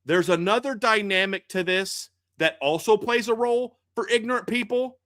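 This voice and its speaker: A man's voice: sits high, moderate pace, fairly bright tone, no echo, clean studio sound. A man hosting a sports podcast, ranting in a heated, indignant way and often restarting his words. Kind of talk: casual podcast rant.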